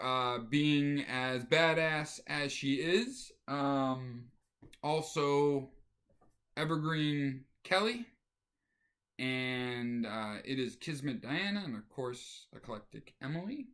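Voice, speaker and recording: A man's voice: medium pitch, slow. A man hosting a stitching video show, telling a story casually and chuckling along the way. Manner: animated, chuckles through the story.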